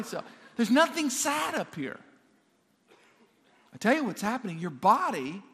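High-voiced male pastor in a big echoing hall. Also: a bit bright. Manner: stammers and repeats words while building up to points; calls out to the congregation with questions. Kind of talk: sermon to a live congregation. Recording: long hall reverb.

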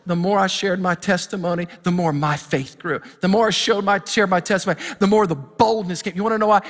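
A man's voice: high voice, a bit bright, big-room sound. A middle-aged male pastor preaching a sermon, telling a story and building to fired-up preaching. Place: church sanctuary.

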